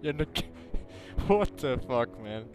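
A young man giving goofy, excitable commentary over his gameplay, often yelling at the game. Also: medium pitch, slow, soft background music. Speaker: gaming video creator.

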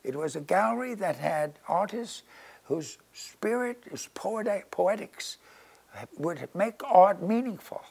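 An older male painter, interviewed in his studio, tells rambling, casual anecdotes sprinkled with "you know" and "you see." His voice is high and expressive, slow-paced, creaky, husky, and somewhat dark in tone.

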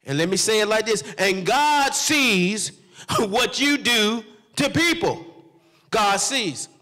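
A man's voice: very high voice, sharp tone, in a large hall. A man preaching a sermon as pastor, calling out to the congregation with "hello, somebody" and "amen". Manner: preaching with call-outs to the congregation.

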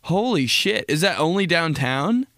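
A man's voice: a little high, lively intonation, a little slow, fairly bright tone, no echo, clean studio sound. A man hosts a podcast, rambling through a comedic monologue, laughing often and acting out quotes in exaggerated voices. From Indiana, United States. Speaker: podcast host.

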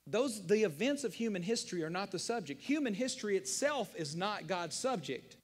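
A man's voice: high voice, very animated, brisk, in a large hall. A man preaching a sermon as pastor, emphatic and rhetorical, repeating key phrases and asking questions of his listeners. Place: church sanctuary.

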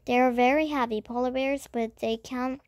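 A woman voicing a cheerful, eager young girl in a storybook, talking in a bright, chatty way. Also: sits high, fairly even intonation, normal speed, no room sound, studio quality, natural voice.

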